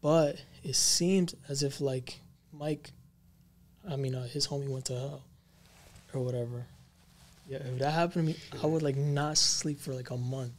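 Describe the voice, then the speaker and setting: A man's voice: medium pitch, fairly even intonation, moderate pace, a little hiss or hum. A man co-hosting a paranormal podcast, telling a creepy story in a rambling, slangy way with many fillers. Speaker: podcast co-host.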